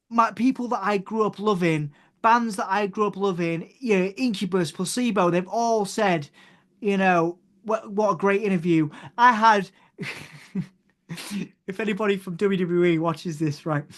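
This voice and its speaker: A man who works as a music journalist, a guest in a casual interview chat, talking in a rambling, meandering and excitable way. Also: high voice.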